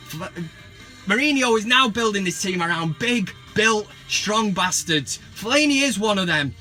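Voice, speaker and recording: Bloke ranting about footy, sweary and sarcastic, highish voice, bit of music behind. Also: male voice, a little slow. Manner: sweary, sarcastic, bursts of mock excitement. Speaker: football vlogger. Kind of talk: casual comic rant.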